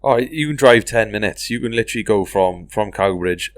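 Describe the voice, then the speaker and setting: A man's voice: fairly low pitch, a little fast, dry recording, studio quality. A man with a South Welsh accent chiming into a casual podcast chat, easygoing. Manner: easygoing, brief comments. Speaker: podcast co-host.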